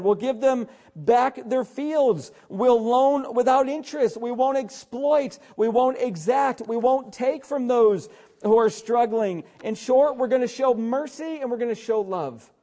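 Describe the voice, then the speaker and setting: A middle-aged male pastor delivers a sermon with a noticeably high voice. His tone is mellow rather than bright. He exhorts his listeners with urgency, repeatedly calling them to listen. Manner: urgent, exhorting preacher who often says "listen".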